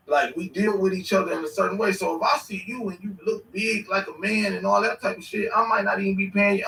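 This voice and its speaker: A man in his thirties telling stories in casual chat, animated and swearing freely. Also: high voice, fairly quick, vocal fry, hardly any pauses, far from the mic. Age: 30s. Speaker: podcast host. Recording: echoey room, away from the mic.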